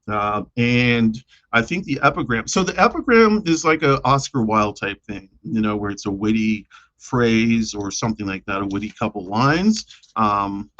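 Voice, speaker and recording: A man's voice: on the low side, a bit bright, muffled recording. A man chatting casually on a live stream about his own poems, hesitant and self-deprecating, with lots of fillers.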